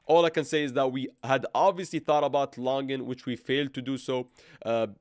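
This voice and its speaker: A man's voice: mid-range voice, fairly even intonation, no echo, studio quality. A man hosting a live trading stream, reading viewer comments and thinking aloud with frequent stumbles and restarts. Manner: halting, stumbles and restarts, thinks aloud while working charts. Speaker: crypto trading livestream host.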